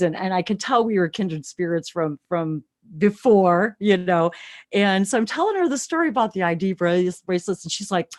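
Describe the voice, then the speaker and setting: Older lady in her sixties gushing over a story on a livestream, giggly, squeals when excited. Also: medium pitch. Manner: bubbly, breathless, laughs often, shrieks when excited. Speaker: co-host of a live channeling broadcast. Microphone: webcam on a video stream.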